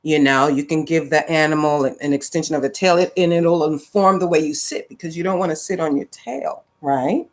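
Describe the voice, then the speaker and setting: A woman's voice: low-pitched, fairly even intonation, normal speed, few pauses. A woman acting coach teaching a live-streamed class in a chatty, rambling way, with many fillers and restarts. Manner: greets viewers by name mid-lesson.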